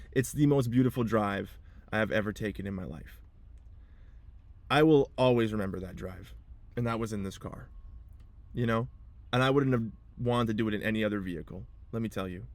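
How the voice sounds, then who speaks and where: Young adult man, lowish voice, vlogging from his car; rambling, emotional, on the verge of tears. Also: no room sound. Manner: rambling, restarts and repeats himself. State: emotional, holding back tears. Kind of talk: personal vlog monologue.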